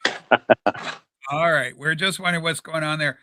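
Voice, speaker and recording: A man hosting a casual livestream chat from a desk mic, rambling and animated. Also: on the high side, moderate pace, noisy background. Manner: rambling and animated, with many fillers. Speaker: livestream show host. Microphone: desk microphone.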